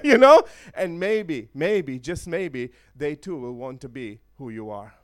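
A man preaching a sermon to a congregation, animated and laughing often, checking in with the listeners. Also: fairly high pitch, a little slow. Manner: animated, laughing, acts out voices of chickens and eagles; asks the congregation for responses.

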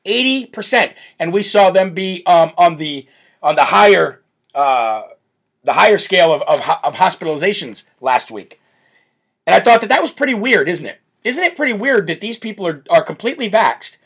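Brash loud guy hosting a live politics show, high voice, laughs a lot. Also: expressive, normal speed, vocal fry, husky. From United States. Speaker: show host.

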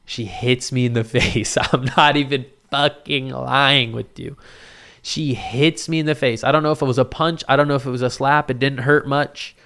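A young man telling a story to friends, loose and profane, with a medium-pitched voice. He gets animated and slips into voices for the people he quotes. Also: normal speed. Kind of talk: casual storytelling.

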